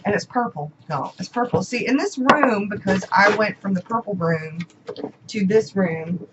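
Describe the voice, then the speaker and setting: A woman's voice: lowish voice, slight background noise. Woman vlogger, heartfelt and gushing, repeats words, slightly muffled home recording. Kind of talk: casual unboxing chat. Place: home room.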